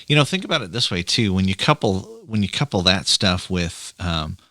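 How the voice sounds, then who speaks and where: Chatty man with a lowish voice. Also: animated, a little fast, bright, forceful tone, dry recording, studio quality. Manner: chatty, rambling storyteller. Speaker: podcast host, father of three girls. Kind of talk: casual chat.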